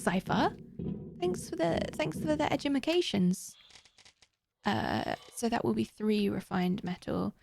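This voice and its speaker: A woman's voice: on the high side, sing-song, unhurried, vocal fry, darkish tone, slight background noise. A woman live streaming a game, chatting casually and directly with her viewers. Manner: chatty, talks straight to viewers. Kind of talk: casual gaming stream chat.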